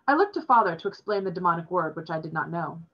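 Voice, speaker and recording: A woman reading a novel aloud in a plain, steady storytelling manner, recorded with dull lo-fi sound. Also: lowish voice, fast talker.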